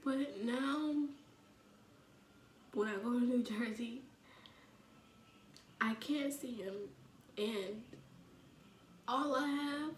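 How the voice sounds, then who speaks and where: A young woman shares a personal story in a vlog, talking slowly and haltingly with lots of fillers. Her voice often sinks to a near whisper. The room is echoey, with faint ambient noise behind her. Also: fairly high pitch, far from the mic. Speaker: vlogger.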